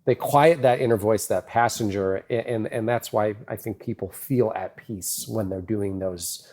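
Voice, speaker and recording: A man's voice: lowish voice, normal speed, a little mellow. A man from the American Midwest, a podcast guest, talking reflectively with many fillers and acting out quoted lines in a raised voice. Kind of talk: casual interview talk.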